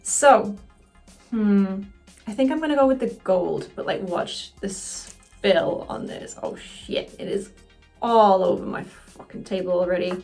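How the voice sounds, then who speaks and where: A cosplayer chats casually through a makeup tutorial in a mid-range voice, excitable and quick to swear. Faint music plays behind her.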